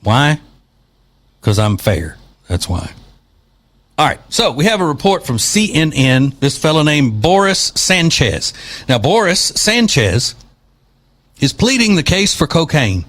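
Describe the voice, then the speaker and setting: A man's voice: on the high side, big pitch swings, unhurried, long pauses, fairly bright tone. A man hosting an opinion podcast, talking in a sarcastic, mocking way. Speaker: podcast host. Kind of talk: opinion commentary.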